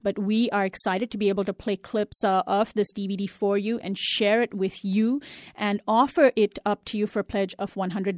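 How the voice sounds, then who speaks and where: A woman's voice: medium pitch, dry recording, studio quality. A woman hosting a public radio pledge drive, earnestly urging listeners to call and repeating the phone number often. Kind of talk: fundraising appeal on public radio.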